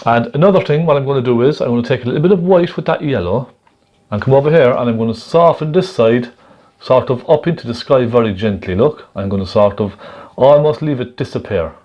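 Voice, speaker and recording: A man gently demonstrating a painting technique step by step, chatting and checking in with the viewer as he works. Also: mid-range voice, a little fast, highs cut off. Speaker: painting instructor.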